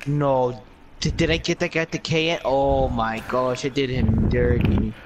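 A young man chatting casually during a shooter game, teasing and reacting with quick outbursts. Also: mid-range voice, fairly even intonation. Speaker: gamer. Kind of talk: casual gameplay chat. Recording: noisy gameplay capture.

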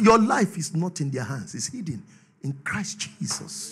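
A Nigerian man preaching a sermon, swinging from shouted declarations to low asides and laughing often. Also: sing-song, unhurried, slight background noise. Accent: Nigerian English. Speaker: pastor.

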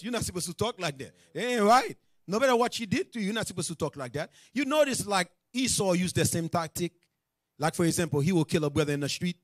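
Preaching to a religious class he teaches, a man uses loose street talk, animated and joking, then scolds the listeners directly with many asides to the audience. His voice is fairly high for a man, and the close, dry recording carries no room sound.

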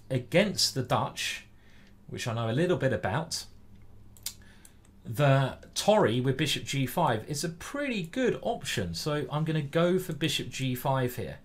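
A man from England commenting casually on his own chess game as he plays live, chatting to viewers and reading out their messages. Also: mid-range voice. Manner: chatty, reads viewer chat aloud. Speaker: chess streamer. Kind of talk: live-stream commentary while playing.

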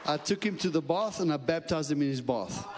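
Animated male preacher in a reverberant church. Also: on the high side, fairly quick, a loud crowd, very noisy. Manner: animated, acts out his own inner dialogue with chuckles. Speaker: guest preacher. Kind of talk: sermon storytelling. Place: church sanctuary. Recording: long church hall reverb.

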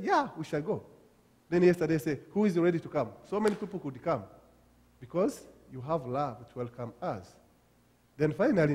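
A man from Africa preaching a sermon as pastor, with halting restarts and emphatic repetitions. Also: a little high, darkish tone. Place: church sanctuary. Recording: long church hall reverb.

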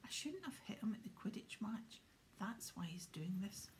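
A woman's voice: medium pitch, big pitch swings, moderate pace, in a whisper, lightly acted. Woman doing a panicky young schoolboy. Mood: worried.

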